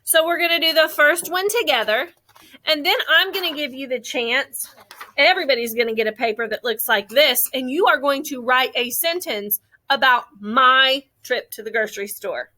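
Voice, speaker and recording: Bright, high-voiced woman teaching young children. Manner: slow, exaggerated stretching of sounds for young children. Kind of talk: classroom phonics lesson.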